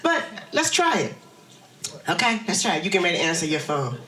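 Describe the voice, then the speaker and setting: A woman's voice: lowish voice, sing-song, brisk, a crowd in the background. A woman pastor delivering a sermon and leading her congregation in call-and-response. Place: large church hall. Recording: echoey hall, from far off.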